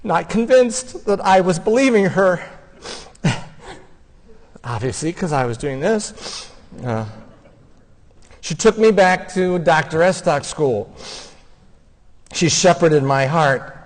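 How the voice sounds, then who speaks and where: A man giving a funeral homily, speaking in a gentle, heartfelt storytelling way. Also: a little high, very animated, slow, long pauses. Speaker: homilist and son of the deceased. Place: church. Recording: long church reverb.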